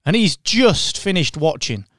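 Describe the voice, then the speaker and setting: A man's voice: fairly high pitch, big pitch swings, measured pace, fairly bright tone, no room sound, clean studio sound. Sarcastic man co-hosting a podcast. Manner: sarcastic, mocking, slips into impressions. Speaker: podcast co-host. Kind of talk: casual chat.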